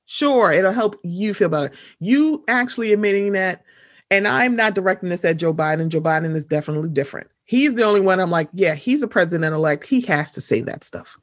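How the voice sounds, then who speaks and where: Animated young woman. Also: mid-range voice, brisk, no echo, studio quality. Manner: animated, acts out her own reactions in quoted asides. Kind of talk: casual chat.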